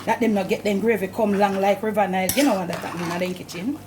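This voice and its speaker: A woman's voice: medium pitch, fast, background noise. A middle-aged woman with a Jamaican accent hosting a home cooking demonstration, chatting to viewers as family and repeating "look at me here". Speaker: cooking show host. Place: home kitchen.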